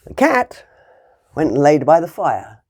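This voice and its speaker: A woman teacher telling a fairy tale to young children, animated and playful, acting out the animal sounds. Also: low voice, measured pace, breathy edge.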